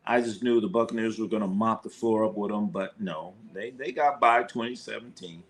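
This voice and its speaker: Animated man riffing on game scores. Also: lowish voice, fairly quick. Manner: animated, profane, rambling with repeats. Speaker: sports streamer. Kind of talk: casual sports recap.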